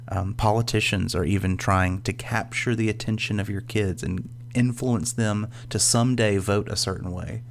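A man's voice: lowish voice, a little hiss or hum. A young man speaking at church, delivering a conversational sermon full of casual stories and fillers, earnestly repeating his key points. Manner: casual storytelling with frequent fillers.

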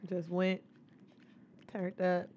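A woman's voice: fairly low pitch, monotone, drawn-out words, darkish tone, lo-fi sound, slight background noise. A woman hosting a podcast in casual chat, teasing her guest, cursing freely and laughing often. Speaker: podcast host.

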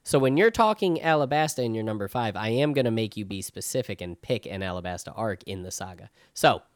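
Animated swearing man, lively chat. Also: on the low side, brisk, dry recording, clean studio sound. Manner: animated, swears freely, lots of restarts. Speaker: podcast co-host. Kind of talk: casual chat about anime.

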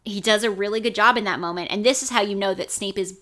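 A woman's voice: mid-range voice, fast talker, sharp tone. A young woman co-hosting a podcast, chatting animatedly about a book with lots of fillers. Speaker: podcast co-host. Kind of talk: casual book discussion.

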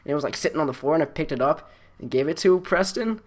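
A teenage guy rambles through a story on a casual podcast, laughing often between his sentences. His pitch swings widely and he stumbles over frequent restarts and fillers. He talks over an online call. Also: animated, quick pace. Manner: laughs a lot, rambling, many likes and restarts. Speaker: podcast co-host. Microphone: online call microphone.

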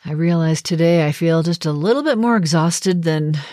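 With a low, mellow voice at a moderate pace, a middle-aged woman from around Boston, Massachusetts, chats through her casual daily video diary, laughing lightly. There's a faint, mostly softened Boston accent, and the studio-quality recording has no room sound.

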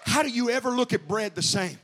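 A man preaching an impassioned revival sermon, shouting and calling out to the congregation. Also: very high voice, brisk, noisy background.

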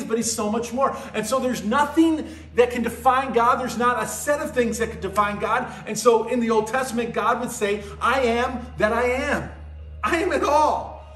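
A man preaching a sermon, teaching verse by verse with emphatic rises and low, quiet drops. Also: echoey room.

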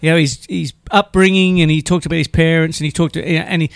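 A high-pitched Australian man chatting on radio, rambling and laughing between stories. His voice is close and dry, with no room sound. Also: steady tone, fast talker, creaky, clean tone, dry recording. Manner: rambling, laughs often, repeats himself. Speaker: radio host. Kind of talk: casual banter.

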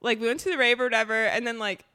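Bright-voiced young woman, giggly. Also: a little high, rapid-fire. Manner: giggly storytelling, acts out quotes. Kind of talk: casual chat.

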